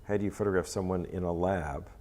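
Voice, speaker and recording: A man being interviewed about his photography, talking in a hesitant, rambling way with many pauses. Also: low voice, fairly even intonation, a little mellow. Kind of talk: casual interview.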